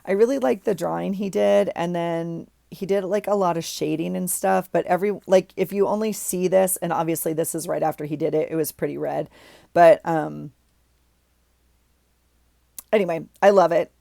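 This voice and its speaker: A woman's voice: lowish voice, steady tone, moderate pace, gravelly, warm tone, dry recording, clean studio sound. A middle-aged woman vlogger chatting casually at home about her journal, rambling with lots of ums and likes. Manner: rambling, chatty, frequent fillers like um and like. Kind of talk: casual chat.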